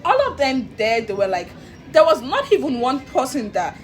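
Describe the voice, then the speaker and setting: Woman vlogger, highish lively voice, emotional storytelling, faint music underneath. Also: normal speed. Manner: animated, emotional retelling with laughs. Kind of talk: casual storytelling to camera.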